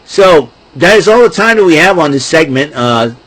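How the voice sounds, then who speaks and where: The middle-aged host of his own podcast has a fairly high, fairly bright voice with lively intonation, speaking at normal speed. He rambles casually on his own, restarting often and breaking into laughs and goofy voices; the recording is rough.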